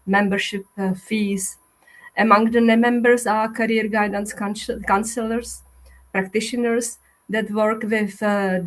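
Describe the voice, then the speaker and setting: Slow, flat-voiced woman with a cough. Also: mid-range voice. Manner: slow, careful presenting with hesitations. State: sick, weak voice with a cough. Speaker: association representative. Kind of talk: webinar presentation.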